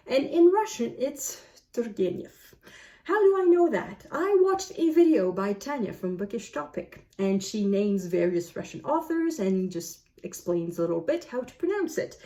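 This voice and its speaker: A woman's voice: mid-range voice, mellow. A woman whose first language is French, talking to camera as a book vlogger, musing aloud and asking herself questions. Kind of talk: casual talk to camera.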